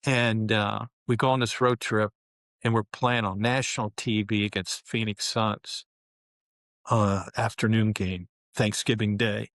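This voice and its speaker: A man's voice: lowish voice, measured pace, no room sound, clean studio sound. A man, telling a candid, colorful story as an interview guest. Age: 70s. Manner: candid, relaxed, colorful, with frequent fillers. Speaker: guest, former pro basketball player.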